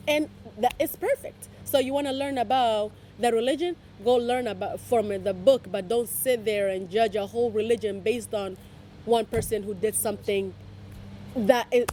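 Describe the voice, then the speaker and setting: A young woman being interviewed, talking casually and with animated storytelling. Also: fairly high pitch, slight background noise. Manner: animated storytelling with quoted voices.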